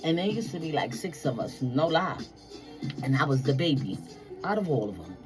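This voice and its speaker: Animated New woman telling stories. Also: low-pitched, moderate pace, music in the background, rough recording. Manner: animated, profane, acts out quoted voices. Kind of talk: casual storytelling to viewers.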